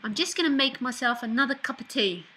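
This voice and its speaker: Bright-voiced woman, playful teacher. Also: high voice, expressive, quick pace, slight background noise, rough recording. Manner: laughs often, playful and direct. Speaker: spiritual teacher hosting a call-in talk. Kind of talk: casual spiritual dialogue.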